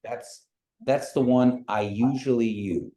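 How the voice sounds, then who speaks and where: A man's voice: medium pitch, steady tone, dark tone. Man teaching a language over video call. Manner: patient, repeats phrases slowly. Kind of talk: online language class. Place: office.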